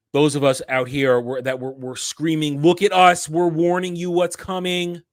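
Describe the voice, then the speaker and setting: This is a male host of a casual commentary chat, ranting with animation and frequently restarting. His voice is medium in pitch, captured cleanly in a studio with no audible room.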